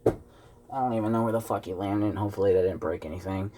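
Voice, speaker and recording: A man's voice: fairly low pitch, steady tone, fast, noisy background. A man ranting angrily at home, cursing heavily as he vents in his video. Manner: heavy cursing, fired-up rant. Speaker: wrestling fan vlogger. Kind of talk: angry ranting vlog.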